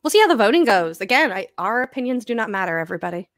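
A woman co-hosting a casual chat podcast, playful and gushing with quick asides. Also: a little high, very animated, no echo, studio quality. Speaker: podcast co-host.

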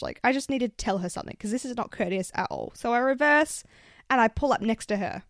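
A young woman with an Australian accent telling stories on her solo podcast, swearing freely and getting animated as she vents. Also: fairly high pitch, a little fast, dry recording, clean studio sound. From South Australia. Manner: swears often, animated when venting. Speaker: podcast host. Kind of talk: casual solo podcast storytelling.

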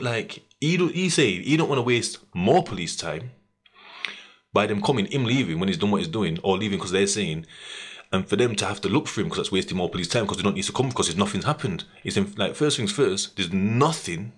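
Animated young man. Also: lowish voice, breathy edge. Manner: animated, slangy, laughs often, acts out quotes. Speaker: podcast host. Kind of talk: casual storytelling chat.

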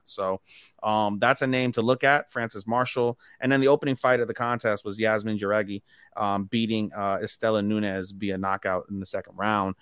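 A man's voice: on the low side, a bit bright, clear, resonant tone, dry recording. Profane young man recapping fights. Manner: loose and profane, rattling off fight results. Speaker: podcast co-host. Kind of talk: casual chat.

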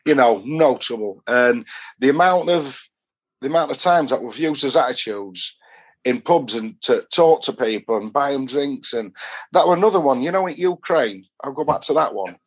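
A husky-voiced middle-aged man with a broad Yorkshire accent spins long, rambling stories from his travels. His pitch sits right in the ordinary middle, and his talk is loose and full of dialect turns. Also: expressive, moderate pace. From Doncaster, England. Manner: rambling anecdotes with dialect phrasing. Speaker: podcast guest. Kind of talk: casual storytelling chat.

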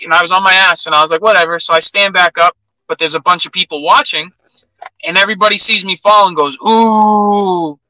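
A young man tells a gym story in a high, very bright voice. He acts out what each person said as he goes. The sound is dry and close to the mic. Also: no echo, rough recording. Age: young adult. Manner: animated anecdote-telling, acts out quotes. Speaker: MMA fighter, guest. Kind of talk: casual storytelling in an interview.

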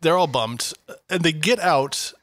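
A man's voice: a little high, a little slow, fairly bright tone, no room sound, studio quality. A man co-hosting a podcast in casual chat, joking sarcastically and swearing now and then. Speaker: podcast co-host.

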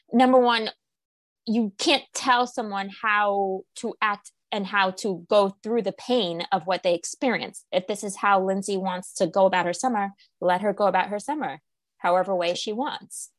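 A young woman co-hosting a podcast, chatting casually and animatedly about reality TV, her pitch jumping up when she quotes people. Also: normal speed, no echo. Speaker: podcast co-host.

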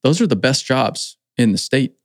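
A man's voice: medium pitch, animated, normal speed, no echo, clean studio sound. A man hosting a casual conversation, enthusiastic and upbeat, often saying "like".

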